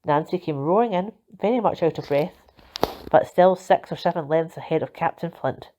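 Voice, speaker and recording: A woman narrating a children's storybook in a steady, expressive reading voice. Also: fairly low pitch, normal speed. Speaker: volunteer reader. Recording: dull lo-fi recording.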